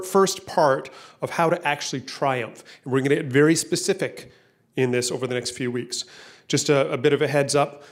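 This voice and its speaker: A man preaching a sermon as pastor to a church room and online viewers, talking casually and often repeating words. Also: mid-range voice. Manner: conversational, repeats words, acts out voices in stories.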